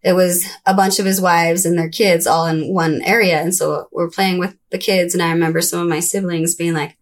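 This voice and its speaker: A young adult woman recounting her childhood in a conversational interview, breaking into high, childlike voices when she quotes people. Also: flat delivery, moderate pace. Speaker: interview guest. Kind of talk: candid personal storytelling.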